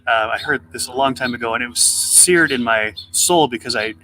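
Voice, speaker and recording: A man on a faith podcast, telling a parable and acting out its voices with lively swings in his delivery. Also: medium pitch, brisk, a little hiss or hum. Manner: animated storyteller, acts out the voices in his story. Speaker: podcast co-host. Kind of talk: faith podcast conversation, storytelling.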